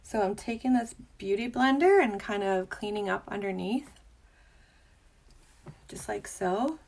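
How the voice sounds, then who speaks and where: A young adult woman hosting a casual makeup tutorial, bubbly and chatty, sometimes dropping into a soft whisper. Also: medium pitch, expressive, measured pace, vocal fry.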